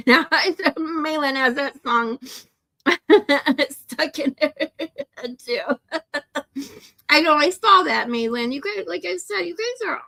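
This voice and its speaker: A woman talks to her stream viewers in a high, bright voice. Her chat rambles, and she laughs a lot and gets teary with emotion. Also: expressive, slow pace, vocal fry, pauses often. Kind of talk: casual livestream chat with viewers.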